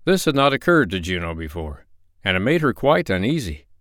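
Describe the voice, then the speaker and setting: A man reading a children's animal story aloud in a lively, expressive way. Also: on the low side, a little fast, no echo, clean studio sound. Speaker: narrator.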